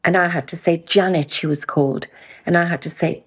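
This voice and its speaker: A middle-aged woman with a Geordie accent, hosting her own podcast. She tells candid, animated anecdotes and acts out the quotes in them. Her voice sits slightly low for a woman. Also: fairly quick, husky. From Newcastle, England. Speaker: podcast host. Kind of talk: candid storytelling chat.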